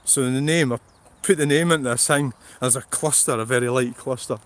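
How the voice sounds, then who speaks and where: Speaking a little fast in a medium-pitched, fairly bright voice, a middle-aged vlogger from Scotland rambles on a livestream from a field. His chat is blunt and sprinkled with swearing and frequent laughter.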